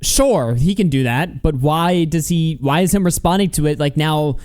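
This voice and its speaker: A man's voice: fairly high pitch, moderate pace, a little mellow. Man hosting profane, mocking stream commentary. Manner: laughing, profane, mocking banter. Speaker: commentary host. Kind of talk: casual commentary over a replayed stream.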